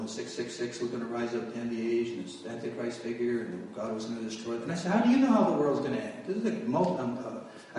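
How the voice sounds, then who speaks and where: Male preacher telling his story from the pulpit, mid-pitched, caught by a distant mic in a very echoey hall. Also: darkish tone, slight background noise. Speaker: preacher giving testimony. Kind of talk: testimony sermon.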